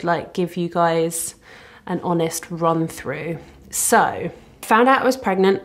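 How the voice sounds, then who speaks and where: A young woman chatting casually to camera from her living room, rambling and self-deprecating. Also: lowish voice. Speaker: vlogger. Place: living room at the front of a house. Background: traffic outside.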